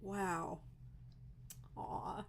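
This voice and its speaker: Teary woman slowly reading out comments on a livestream, bit of gravel in her voice, faint hiss behind. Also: mid-range voice, fairly even intonation. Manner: emotional, teary and laughing, many fillers. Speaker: crochet designer hosting a livestream.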